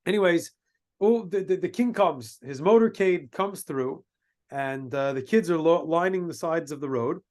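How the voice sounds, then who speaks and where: Man, rabbi, sermon story, high voice, halting with restarts, hebrew and yiddish words. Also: a little mellow. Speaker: rabbi giving a talk.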